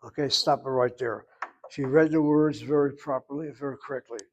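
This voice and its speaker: A man's voice: medium pitch, steady tone, brisk, lo-fi sound, slight background noise. Man teaching Hebrew grammar step by step. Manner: explains grammar step by step, calls on students by name. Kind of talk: online class instruction.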